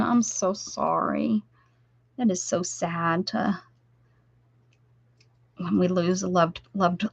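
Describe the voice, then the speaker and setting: A woman's voice: medium pitch, dry recording. A middle-aged woman chatting casually with viewers on a craft live-stream, rambling and greeting people by name. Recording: dull lo-fi stream audio.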